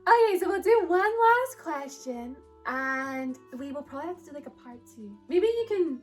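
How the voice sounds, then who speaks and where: High, giggly young woman vlogger. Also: expressive, moderate pace, soft background music. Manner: giggly, playful, upbeat. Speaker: vlogger, host. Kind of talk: casual couple vlog.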